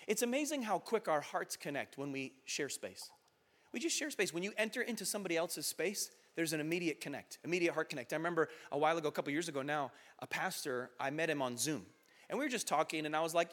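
A man in his thirties preaching a sermon as pastor, passionate and building to loud exhortation, acting out quoted voices. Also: a little high, expressive, quick pace.

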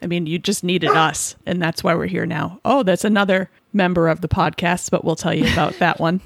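A woman in her forties from the Boston suburbs, co-hosting a podcast with playful, teasing banter and quick interjections. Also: fairly low pitch, steady tone, vocal fry, no room sound. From Boston suburbs, USA. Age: 40s. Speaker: podcast co-host. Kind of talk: casual comedic podcast banter.

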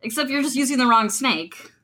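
A woman co-hosting a comedy podcast, playful and quick to react, riffing on jokes in casual chat. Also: high-pitched, animated, bright, forceful tone. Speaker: podcast co-host.

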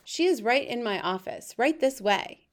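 A woman's voice: a little high, animated, moderate pace, voice pushed up. Courteous, formal school headmistress, middle-aged, read by a woman narrator. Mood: polite.

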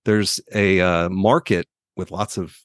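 Low-voiced man, dry close podcast sound. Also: takes it slowly, smooth, no room sound. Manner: relaxed, hesitant with frequent fillers. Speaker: podcast co-host. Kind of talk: casual podcast chat.

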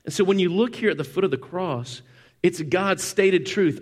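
A man preaching a sermon, animated, rising to loud emphatic peaks and dropping to quiet asides. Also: sits high, normal speed. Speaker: pastor.

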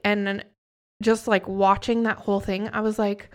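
A woman's voice: mid-range voice, level tone, normal speed. A woman in her thirties, a podcast guest telling her story candidly and earnestly, often restarting her sentences.

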